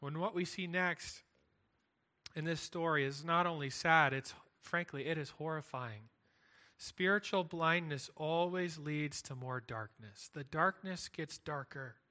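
A man's voice: on the high side, a little slow, bright, forceful tone. A man preaching a sermon, earnest and emphatic, building points through repetition. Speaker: pastor.

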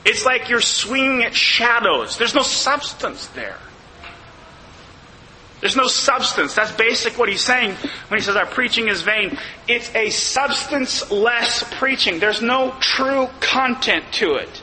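A man preaching a sermon as pastor, emphatic, slowing down to stress key phrases. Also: extremely high pitch, expressive, sharp tone, big-room sound, a little hiss or hum, rough recording.

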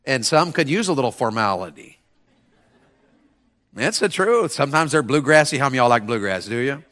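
Bright-voiced folksy revival preacher man. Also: mid-range voice, big pitch swings, brisk. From mountain region of the American South. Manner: folksy, swings from loud shouts to hushed mocking asides. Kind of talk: revival sermon. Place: church sanctuary with congregation.

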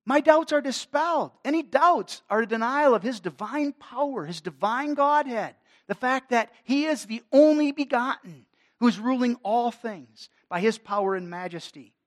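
Male pastor, sermon delivery, dynamic swells and hushed drops. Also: very high-pitched, lively intonation, moderate pace. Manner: dynamic preaching, swelling and dropping in force.

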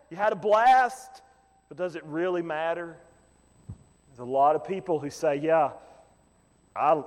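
A male pastor preaching a sermon, repeating phrases and building to shouts. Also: high-pitched, big-room sound.

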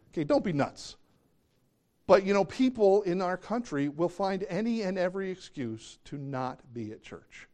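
Animated preacher man, slightly high voice. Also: moderate pace. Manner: animated, conversational preaching, jumps into excited high bursts. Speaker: pastor. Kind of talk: sermon.

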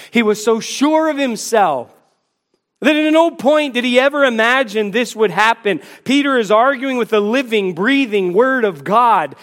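A man preaching a sermon in an emphatic, repetitive, rhetorical way. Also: high-pitched.

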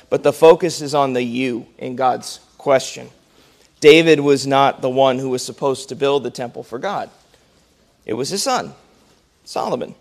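Man teaching a Bible class. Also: on the high side. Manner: checks in often with "okay?" and "right?"; clears throat now and then. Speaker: Sunday school teacher.

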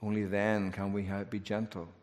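A male pastor preaching a sermon earnestly, building to emphatic peaks and dropping to a hush in prayer. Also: on the low side, flat delivery, moderate pace. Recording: long reverb of a large hall.

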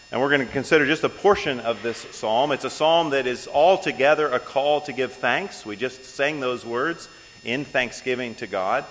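Male pastor at the pulpit, unhurried, pausing with fillers between phrases; long reverb and faint mains hum. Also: medium pitch, fairly bright tone. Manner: unhurried, with many ums and uhs between phrases. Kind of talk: sermon. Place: church sanctuary.

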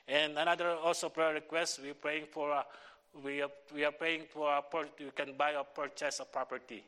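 Filipino-accented pastor, halting, bright voice. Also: male voice, on the high side, little pitch movement. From Philippines. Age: middle-aged. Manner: halting, many fillers and restarts. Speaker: visiting pastor. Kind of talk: church sermon and prayer request.

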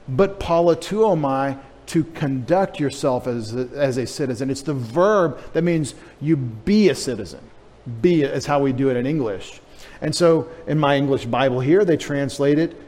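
A man's voice: fairly high pitch, darkish tone, in a large hall. A male pastor teaching a sermon in a casual, joking way, spelling out Greek words for the congregation. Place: church sanctuary.

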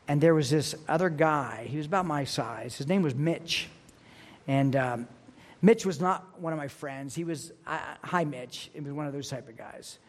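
A male pastor with a fairly high voice preaches earnestly, leaning on personal stories and repeating his main points. His words ring out with a long reverb, as from a large church sanctuary. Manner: earnest storytelling, repeats key lines. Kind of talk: sermon.

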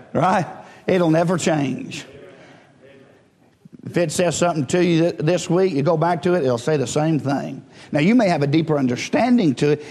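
High-voiced preacher in a reverberant hall. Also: male voice, darkish tone. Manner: conversational preaching, frequent "right?" and chuckles, rising to fervent exhortation. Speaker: pastor. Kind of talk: sermon.

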